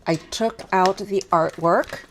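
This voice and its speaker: Chatty woman in her fifties with gravelly voice. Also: medium pitch, takes it slowly, background noise. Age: 50s. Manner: chatty, rambling, self-deprecating, many ums. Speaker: craft live stream host. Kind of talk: casual live stream chat.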